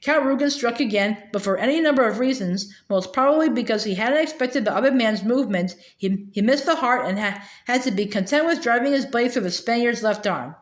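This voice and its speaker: A woman reading a novel aloud in a fairly high voice. She stumbles often, repeating words and filling gaps with hesitant sounds. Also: animated. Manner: halting, with many fillers and restarts. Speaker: reader.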